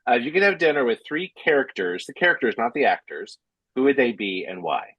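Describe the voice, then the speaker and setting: A man hosts a podcast with a husky, slightly rough voice that rises and falls a lot. He runs through his questions in an easy, friendly way and laughs readily. The sound is dry and close. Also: mid-range voice, big pitch swings, no room sound, muffled recording. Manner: asks questions warmly, quick to laugh. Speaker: podcast host. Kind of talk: casual podcast conversation.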